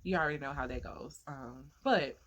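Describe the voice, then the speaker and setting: A woman's voice: deep voice, normal speed, highs cut off, a little hiss or hum. A woman vlogger telling a heartfelt personal story in an earnest way, repeating phrases for emphasis and turning to faith-filled encouragement.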